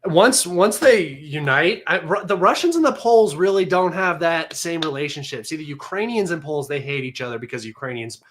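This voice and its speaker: A man hosting a livestream, talking in a mocking, sarcastic and combative way, excitable and a little manic. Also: a little high, fairly quick, hardly any pauses. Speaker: livestream host. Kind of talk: casual livestream commentary.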